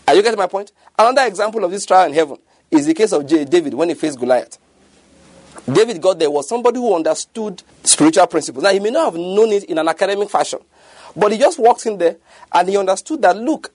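A man's voice: high voice, darkish tone, no echo. A man preaching a sermon, emphatic and often checking whether his listeners follow. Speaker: pastor.

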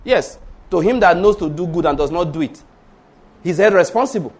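Male preacher, high voice, emphatic sermon storyteller. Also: expressive, fairly quick, breathy edge. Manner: storytelling, emphatic, rhetorical questions.

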